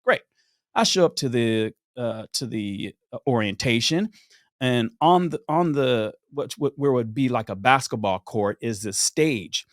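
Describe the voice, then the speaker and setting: A young adult man, a podcast guest, telling stories in a lively way, acting out scenes and laughing often. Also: mid-range voice, unhurried, no room sound, clean studio sound. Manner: animated storyteller who acts out scenes and laughs often. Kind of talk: casual storytelling chat.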